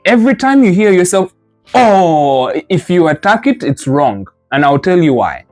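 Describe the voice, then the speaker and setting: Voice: mid-range voice, big pitch swings, moderate pace, darkish tone. Patient language teacher, group lesson, corrects with repeated no's, faint music behind. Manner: models sounds, then explains with playful imagery. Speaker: Mandarin teacher. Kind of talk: live group lesson drilling tones.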